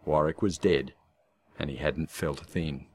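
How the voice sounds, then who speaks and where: A man in scripted audiobook narration with a measured, darkly wry storytelling manner. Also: extremely low pitch, darkish tone, breathy edge.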